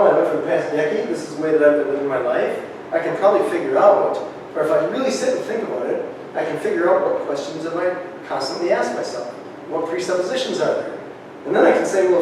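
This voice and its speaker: A man giving a lively workshop talk to a live group, often checking in with "right?", recorded on a distant camera. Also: high voice, background noise. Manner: energetic, keeps asking "right?". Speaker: presenter. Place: large echoey room. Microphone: camera far from speaker. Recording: echoey hall, distant camera.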